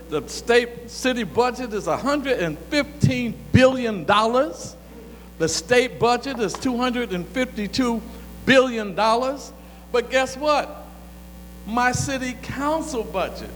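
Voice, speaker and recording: A man giving a fiery public speech, an animated, colloquial storyteller who says he gets excited. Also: very high-pitched. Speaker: former city council member giving a talk. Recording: reverberant hall with faint hum.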